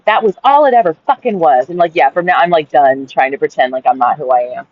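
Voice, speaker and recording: A woman's voice: low voice, lively intonation, fast, hardly any pauses, muffled recording. A woman and caregiver reading her journal aloud and ranting in a blunt, profane, exasperated way.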